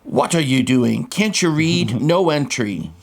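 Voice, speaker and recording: Man putting on a gruff hostile barman. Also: fairly high pitch, big pitch swings, measured pace, voice pushed up, full character voice. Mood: angry. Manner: curt and scolding.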